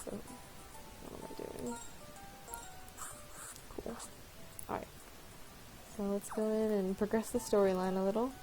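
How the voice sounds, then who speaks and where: A woman's voice: medium pitch, steady tone, measured pace, long pauses, mellow, soft background music, rough recording. A woman giving casual, rambling commentary while playing a game, often apologizing and laughing at herself. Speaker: let's-play host.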